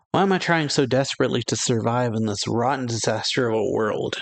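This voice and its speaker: A man's voice: mid-range voice, brisk, vocal fry, hardly any pauses. Man reading manga aloud and laughing. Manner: reads dialogue aloud in a raised voice, laughing often. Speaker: manga reaction host. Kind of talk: casual manga read-aloud with commentary.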